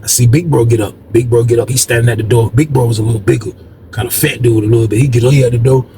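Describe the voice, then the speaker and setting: A man's voice: mid-range voice, fairly even intonation, very fast, noisy background. A man from Norfolk, telling a story casually and animatedly, full of slang, constantly saying "man" and "bro". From Norfolk, Virginia.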